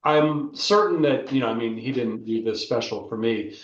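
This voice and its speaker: A man's voice: medium pitch, normal speed, recorded from a distance. Older american guy telling stories on a podcast, keeps saying right?, echoey room, kinda muffled. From United States. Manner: animated storyteller, keeps asking "right?". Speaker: former football player, guest. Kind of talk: casual storytelling interview. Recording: roomy, dull lo-fi sound.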